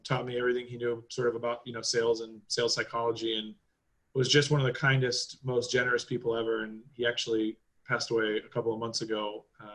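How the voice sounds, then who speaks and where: Bright-voiced rambling man. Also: medium pitch, rough recording. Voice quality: rambling, filler-heavy, swears freely. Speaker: podcast guest, driving school owner. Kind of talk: casual podcast chat.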